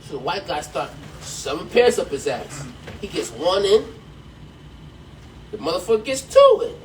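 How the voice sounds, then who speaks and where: A man hosting a podcast, telling a long joke in an animated way and laughing along with it. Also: high-pitched, normal speed, pauses often. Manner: animated storyteller who laughs at his own punchline. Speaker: podcast host. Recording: distant mic, faint background noise.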